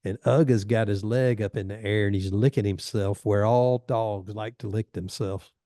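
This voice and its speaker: A man's voice: fairly low pitch, fairly even intonation, normal speed, warm tone, no echo, clean studio sound. A middle-aged man, a guest on a podcast, telling rambling anecdotes in a casual chat and chuckling as he goes. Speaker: podcast guest, fire service training advisor.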